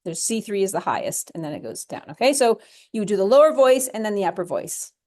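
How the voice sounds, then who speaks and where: A woman music theory instructor talking through a software lesson step by step in a chatty, self-correcting way. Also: medium pitch, sing-song, fairly quick. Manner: chatty, talks through steps as she clicks, self-correcting. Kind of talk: recorded screen-share lesson.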